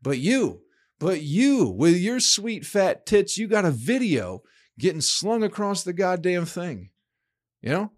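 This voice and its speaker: A man's voice: high voice, very animated, a little slow. A man hosting his own podcast, riffing alone in a crude, rambling, profane way. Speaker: podcast host. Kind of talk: casual solo podcast monologue.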